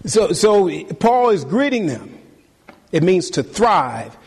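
A male pastor preaching a sermon to his congregation, animated and repetitive, leaning hard on key words. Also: high-pitched, slow pace, vocal fry, slightly rough, in a large hall. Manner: animated preaching, repeats phrases, talks to the congregation. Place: church sanctuary.

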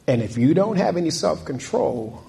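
A man's voice: a little high, very animated, normal speed, creaky, mellow. A male pastor preaching a sermon, repeating key points and asking the congregation questions. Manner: preaching with rising intensity and repetition; asks the congregation questions and calls out amen.

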